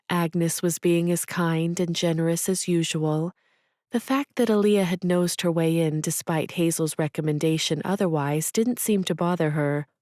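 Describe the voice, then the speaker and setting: A woman narrating a storybook romance in a measured, gentle manner, her voice low and her pace unhurried. The studio recording is close and completely dry. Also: no room sound. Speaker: audiobook narrator. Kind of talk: scripted narration.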